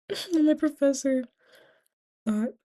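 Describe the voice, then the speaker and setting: A woman's voice: high voice, extremely slow, mellow. A tired young woman vlogging in a casual, rambling way, often dropping to a whisper between fillers. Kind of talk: casual confessional chat.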